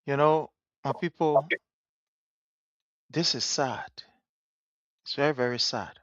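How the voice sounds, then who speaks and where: A live-stream host with a Liberian English accent talks earnestly, leaning on repeated words. The voice sits in a middle pitch. The sound is dry and slightly muffled. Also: takes it slowly, no echo. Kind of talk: live-stream talk show commentary.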